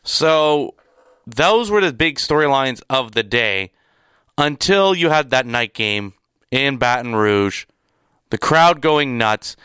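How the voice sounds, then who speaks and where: A man's voice: medium pitch, animated, takes it slowly, pushed and bright, clear, resonant tone, no echo, clean studio sound. A young man giving an opinionated sports recap, emphatic and exasperated, repeating words to drive home his points. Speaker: sports commentator.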